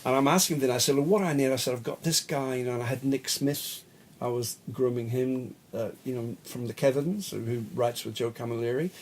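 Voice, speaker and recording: Middle-aged Australian male, gravelly, chatty anecdotal storyteller, mid pitch. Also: a little fast, slight background noise. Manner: rambling anecdotal storyteller, laughs often, acts out quotes. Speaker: guest musician, bass player. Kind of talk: casual storytelling interview.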